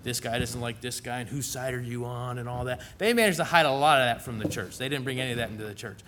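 A man's voice: medium pitch, steady tone, quick pace, a bit bright, a little hiss or hum. A middle-aged man preaching a sermon in a church in a folksy, conversational way, with asides to the congregation.

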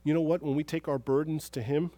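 A man preaching a sermon as pastor, telling stories and moving from soft, hushed moments to loud, emphatic praise. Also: a little high, fairly even intonation, brisk.

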